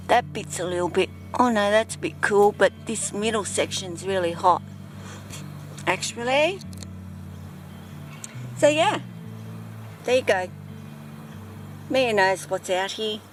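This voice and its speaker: A woman chatting casually to camera outdoors while filming her pets, with a handheld camera. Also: mid-range voice. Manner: chatty, talks baby talk to her cat. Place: outdoors in a yard. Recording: music playing under the voice.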